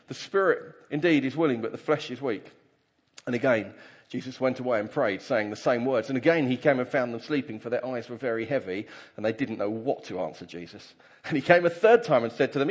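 A man delivers a Sunday sermon in a casual, conversational way and lifts his voice with energy when he reads scripture aloud. His pitch sits in the ordinary middle range for a man. The sound carries a long reverb from a large church hall. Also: a little fast, husky. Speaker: preacher.

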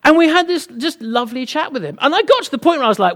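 A man's voice: very high voice, big pitch swings, fast. A British man preaching a sermon, telling a humorous personal story to the congregation in a chatty way. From Britain. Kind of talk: sermon with anecdote.

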